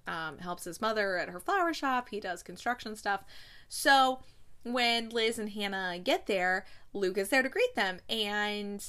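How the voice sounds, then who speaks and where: Woman rambling thru a movie recap, lots of um and like, quick quotes of the characters. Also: mid-range voice, sharp tone, clear, resonant tone. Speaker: movie reviewer recapping a film. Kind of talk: casual chat recap.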